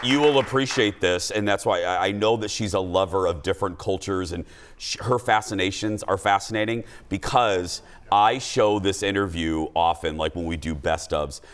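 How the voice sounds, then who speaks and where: A man hosting a lively talk show, chatting fast and turning to the audience with asides. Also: sits low, a faint crowd. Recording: studio with audience and noise behind.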